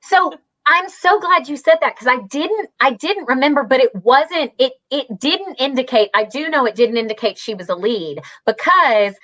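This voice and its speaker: A woman with a Southern American accent, an animated storyteller chatting as a voice actor guest and acting out the quotes. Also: high-pitched, moderate pace, dry recording. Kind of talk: casual chat.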